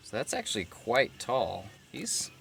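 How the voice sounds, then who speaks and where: A man hosting a casual unboxing video, talking in a relaxed, rambling way with many fillers and self-corrections. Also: medium pitch, a little slow, vocal fry, faint music behind. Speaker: vlog host unboxing a collectible figure. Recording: steady background noise.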